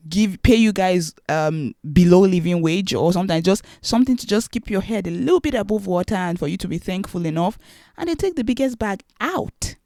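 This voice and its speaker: A woman's voice: medium pitch, expressive, fairly quick, mellow, dry recording, clean studio sound. A young woman vlogging her opinions, exasperated and rhetorical, repeating her questions for emphasis. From Nigeria. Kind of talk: opinionated commentary to camera.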